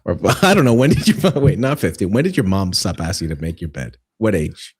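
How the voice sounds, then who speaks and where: Deep, husky man from Canada. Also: a little fast. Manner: expressive, jokey, philosophical. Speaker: guest. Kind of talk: casual chat.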